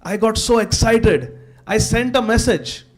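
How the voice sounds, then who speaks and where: A man's voice: high voice, unhurried. A man playing a devout, regal king of Odisha, addressing the audience in a formal, stately live stage monologue. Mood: regal storytelling. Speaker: actor in a festival drama.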